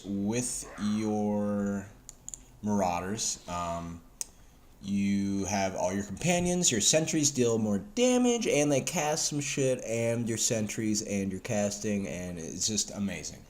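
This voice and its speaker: A man's voice: fairly low pitch, lively intonation, slow pace, slight background noise. A man casually commenting over his gameplay, loose and profane, with lots of ums and a Southern US accent. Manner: loose, profane, filler-heavy. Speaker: gameplay video host.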